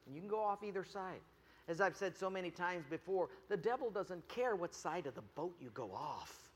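A man preaching a sermon as pastor, animated, telling stories and putting on voices for the people he quotes. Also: high voice, moderate pace. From United States. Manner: animated storytelling with jokes and acted quotes. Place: church. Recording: long reverb of a church hall.

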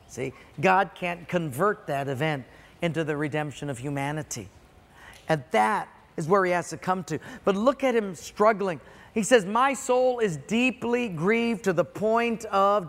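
A man preaching a sermon to a congregation, dramatic, swinging between loud emphasis and quiet, drawn-out words. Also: high voice. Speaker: pastor. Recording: long hall reverb.

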